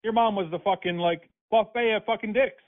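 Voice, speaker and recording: A man's voice: sits high, brisk. A man on a phone call, ranting angrily and hurling profane insults. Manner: angry, profane, insulting rants. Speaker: prank call target. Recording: tinny phone line.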